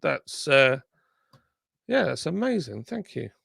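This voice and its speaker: A man's voice: mid-range voice, very animated, takes it slowly, gravelly, fairly bright tone, husky, no room sound, clean studio sound. A man hosting a live stream, chatting casually and reading viewer comments aloud while nursing a sore tongue. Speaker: livestream host.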